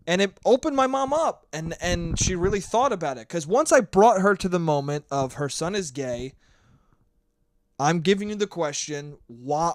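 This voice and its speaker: High-pitched and recorded dry and close, with sirens audible outside, a young podcast host talks alone in a casual monologue. He's hungover, and he rambles, curses, and gets earnest, with laughs here and there.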